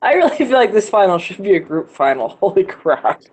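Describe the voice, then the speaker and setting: A young adult student chatting casually in a study group on a call, joking and quick to laugh. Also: mid-range voice, big pitch swings. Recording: dull audio with faint noise.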